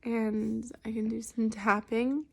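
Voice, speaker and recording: Woman, tearful, high voice, slow rambling talk, laughing through tears, confessional vlog. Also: flat delivery, gravelly, darkish tone, a little hiss or hum. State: crying. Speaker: vlogger.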